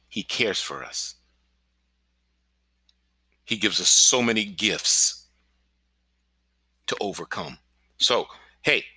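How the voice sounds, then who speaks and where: A male pastor giving an encouraging podcast sermon, energetic and often checking in with "right?". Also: mid-range voice, no room sound. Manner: energetic, keeps asking "right?".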